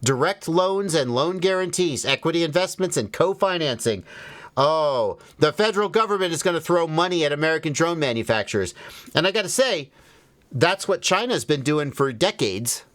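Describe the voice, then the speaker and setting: A man's voice: a little high, animated, moderate pace, fairly bright tone, no room sound. A man hosting a livestream, reading phrases aloud and commenting wryly as he thinks them through. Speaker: livestream host.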